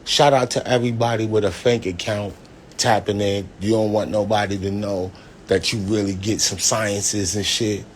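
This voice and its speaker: A man's voice: fairly low pitch, steady tone, moderate pace, a little hiss or hum. A man hosting a casual livestream, rambling and profane, laughing often as he talks. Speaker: livestream host.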